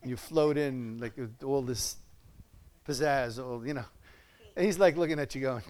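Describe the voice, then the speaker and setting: A man's voice: medium pitch, normal speed, a little mellow. An older man preaching a conversational sermon, folksy and chuckling, often asking his listeners questions.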